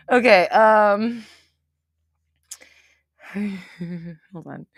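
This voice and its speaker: A woman hosting a casual livestream and doing intuitive readings for her chat, rambling, swearing freely and breaking into loud laughter. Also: lowish voice, no echo, clean studio sound.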